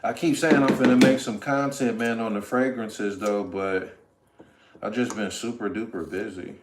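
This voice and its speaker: A man's voice: lowish voice, steady tone, normal speed, reverberant, background noise. A man hosting a casual livestream from his home kitchen, chatting easily with viewers while he cooks. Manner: laid-back, chatty, talks to viewers in chat. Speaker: livestream host.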